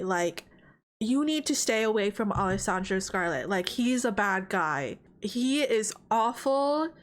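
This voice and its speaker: A young woman giving dramatic, animated commentary while playing a life sim game. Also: mid-range voice, measured pace. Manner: dramatic, animated, exclaims often. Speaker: streamer. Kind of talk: let's play commentary.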